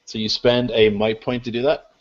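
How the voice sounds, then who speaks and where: A man running a tabletop game as game master, explaining rules in a relaxed, laughing way. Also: medium pitch, normal speed. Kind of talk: narrating a tabletop game over an online call. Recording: dull lo-fi call audio.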